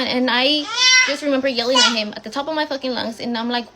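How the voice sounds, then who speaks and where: A young woman casually telling a personal story, blunt and swearing often as she rushes through the retelling. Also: high-pitched, fairly even intonation, heavy background noise.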